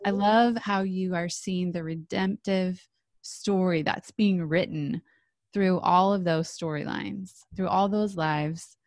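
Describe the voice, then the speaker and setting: A woman's voice: on the low side, a little mellow, no room sound. Woman podcast host, affirming and reflective, dry close sound. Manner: affirming, reflective, asks open questions. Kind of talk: interview conversation.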